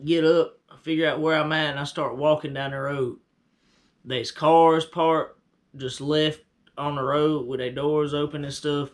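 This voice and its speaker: A man casually recounting a vivid dream in a slangy, animated, conversational way. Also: fairly high pitch, a little slow. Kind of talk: casual personal storytelling.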